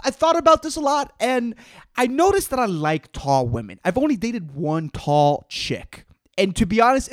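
A man's voice: high-pitched, no room sound, clean studio sound. A man, a stand-up comedian hosting his own podcast, rambling profanely with plenty of fillers. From Puerto Rico. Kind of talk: rambling solo podcast talk.

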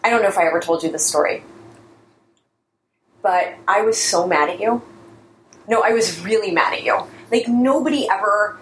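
A woman's voice: medium pitch, moderate pace, pauses often, fairly bright tone, reverberant, slight background noise, rough recording. A woman hosting a conversation who tells a funny story with lots of laughter and acts out the people in it. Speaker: podcast host.

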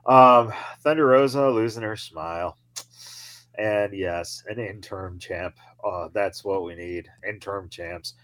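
A man's voice: fairly low pitch, a little slow, a bit bright. A man co-hosting a podcast, mocking wrestling shows with laughter and swearing in casual chat. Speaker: podcast co-host.

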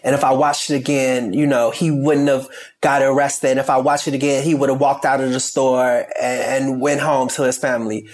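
A man's voice: mid-range voice, flat delivery, moderate pace. A man from Chicago with a Chicago accent, a stylist talking candidly as an interview guest, emphatic and rambling with many restarts.

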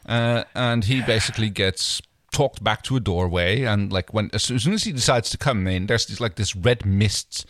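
A man's voice: lowish voice, normal speed, hardly any pauses, fairly bright tone, no echo, clean studio sound. A man casually recapping a TV episode as a podcast co-host, rambling and hesitant.

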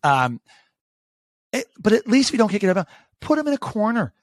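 A man's voice: high-pitched, a little fast, no echo. A man co-hosting a casual sports podcast, telling stories about his bets with lots of swearing. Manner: animated, swearing, storytelling. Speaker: podcast co-host.

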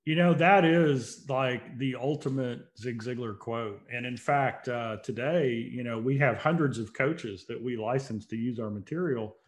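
With few pauses, a man speaks a little slowly in a mid-range voice as an interview guest in a relaxed conversation. The motivational speaker and CEO tells earnest stories that build to emphatic points.

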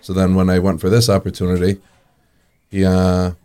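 A deep-voiced man tells his story in a relaxed, chatty way. He chuckles as he goes and leans on fillers like "you know" and "uh." He speaks as a guest in a casual interview. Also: normal speed, smooth. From New York area. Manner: lively storyteller, chuckles often, many fillers.

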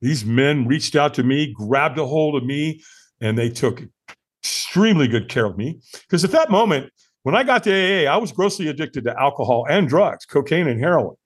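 A man's voice: a little high, moderate pace, slightly rough. Earnest older man telling his story. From United States. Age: 60s. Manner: earnest, animated retelling with filler-heavy restarts. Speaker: podcast guest. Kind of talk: conversational storytelling interview.

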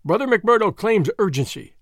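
A man voicing a stern, domineering older lodge boss who speaks in a loud, hearty way. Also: high voice, sing-song, normal speed, no echo, clean studio sound, pitched above the performer's own voice, full character voice.

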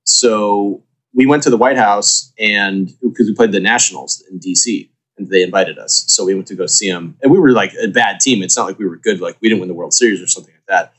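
A man guest on a podcast, talking in a blunt, lively way and quick to interrupt. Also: on the low side. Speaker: podcast guest, former baseball player. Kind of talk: casual podcast chat.

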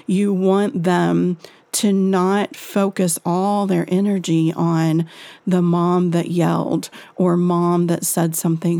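A woman with a low, gravelly voice speaks slowly and gently, reassuring parents as she gives advice. Her tone is mellow and dark, and the recording is close and dry with no room sound. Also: no echo. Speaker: parenting author and advisor.

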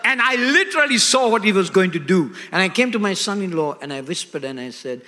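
A man's voice: high voice, lively intonation, a little fast, hardly any pauses, sharp tone. An older man preaching a sermon emphatically, checking in with his listeners through call-and-response questions. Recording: echoey hall.

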